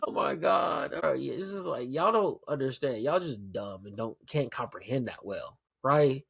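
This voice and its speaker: A man hosting a solo podcast, talking casually in a blunt, profane, animated rant. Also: on the high side, normal speed, vocal fry, hardly any pauses, breathy edge, no echo, studio quality. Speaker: podcast host.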